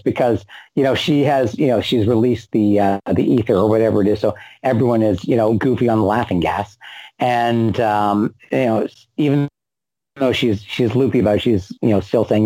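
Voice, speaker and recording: A man with a dark, mellow voice talks through a casual podcast discussion. He speaks loosely and keeps reaching for "you know" between thoughts. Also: medium pitch, moderate pace, poor audio.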